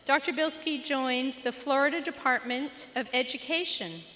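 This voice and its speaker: A woman reads prepared introductions at a graduation ceremony in a formal manner. Her voice is high and bright. It carries the long reverb of a large hall. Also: fairly even intonation, normal speed. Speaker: ceremony presenter.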